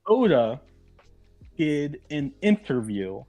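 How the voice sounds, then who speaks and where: A man's voice: a little high, sing-song, slow pace, warm tone, faint music behind. A man co-hosting a casual podcast chat, walking through a theory at length and reading quotes aloud. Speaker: podcast co-host.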